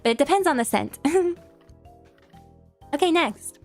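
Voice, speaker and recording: Young woman, New York accent, high bright voice, giggly casual stream chat over faint music. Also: lively intonation, measured pace, long pauses. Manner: giggly, lots of fillers and restarts. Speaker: streamer answering viewer questions.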